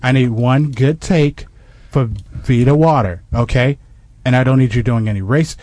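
A man playing a flustered, apologetic ad director who stammers while trying to calm his cast, in a sketch comedy. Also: mid-range voice, moderate pace, no echo, lightly acted. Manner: stammering, placating. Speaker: commercial director.

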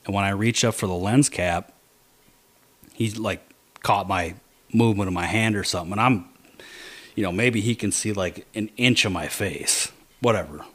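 Low-voiced man telling a hunting story. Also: normal speed. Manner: animated storytelling, quoting his own thoughts in low mutters.

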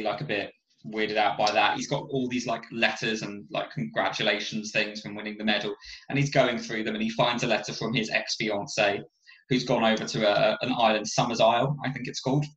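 A man's voice: lowish voice, little pitch movement, moderate pace, fairly bright tone, roomy sound, muffled recording. A man talking casually about a film, rambling with many fillers and restarts.

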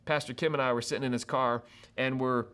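A pastor preaching a sermon to an online audience, acting out people's reactions with laughs and quick asides. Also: male voice, mid-range voice, smooth. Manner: animated, acts out quoted reactions with laughs.

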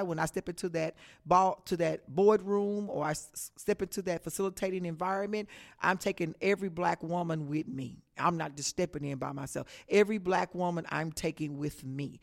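A woman's voice: sits low, steady tone, fairly quick, creaky. A woman from Texas with a Texan accent, hosting a solo radio talk show as an upbeat pep talk, saying "y'all" and "baby".

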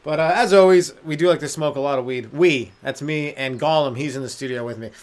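A man's voice: a little high, fairly quick. A man hosting his own comedy podcast, rambling through riffs and slipping into silly voices. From Canada. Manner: riffing, slips into silly put-on voices and sung bits. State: high on weed. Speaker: stand-up comedian and podcast host. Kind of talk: rambling solo comedy rant.

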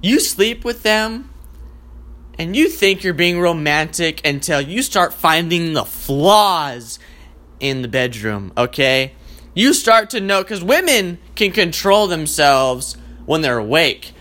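A man with a high voice rants through a comedy bit, swearing freely and jumping from thought to thought. His tone is bright and sharp, and he keeps the energy up. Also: takes it slowly. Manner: profane, excitable, rambling. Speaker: host. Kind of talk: comedic rant.

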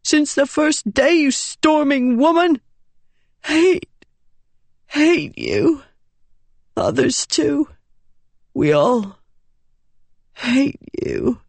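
Hurt little street kid, high thin voice hissing mad, pitch jumping all over, slow and dry. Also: big pitch swings, creaky, no echo, heavily acted. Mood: bitter accusing. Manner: whispering, hissing, accusing. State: badly wounded, weak. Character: injured bitter young street boy. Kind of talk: audiobook character voice.

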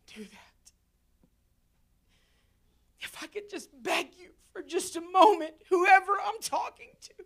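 A woman preacher with a very high voice delivers an emotional altar-call sermon in a church. She speaks slowly and deliberately, swinging from tearful, near-shouted pleas down to hushed whispers. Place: church sanctuary.

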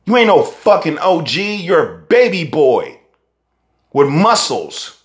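A young Bay rapper rants in a heated, profane monologue. His pitch swings widely as he fires off rhetorical questions, and he keeps a slow, deliberate pace. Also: sing-song. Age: young adult.

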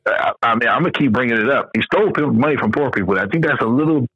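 A man's voice: medium pitch, animated, rapid-fire, breathy edge, muffled recording. Heated, profane man talking. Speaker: podcast co-host. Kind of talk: casual profane chat.

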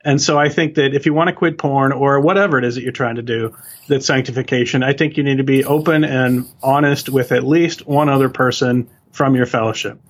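A man's voice: mid-range voice, fairly even intonation, a little fast. Earnest male author explaining steadily. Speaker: author and guest. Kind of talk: interview answers.

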